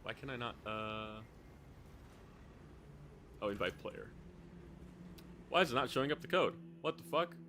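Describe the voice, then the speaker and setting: A man's voice: mid-range voice, lively intonation, a little slow, pauses often, bright, forceful tone, soft background music. A man streaming live, chatting casually while playing, rambling and swearing often.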